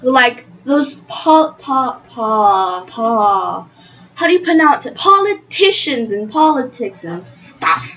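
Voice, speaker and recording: A woman playing a chatty young female unicorn in an improvised interview, earnest and a bit halting. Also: a little high, very animated, lo-fi sound, exaggerated voice. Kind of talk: improvised role-play interview.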